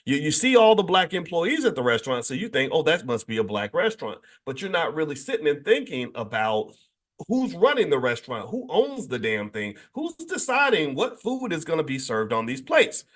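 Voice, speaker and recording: A man hosting a morning finance show in casual livestream talk, animated and rambling, full of restarts and sudden jumps in pitch. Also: normal speed. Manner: conversational, addresses the audience directly.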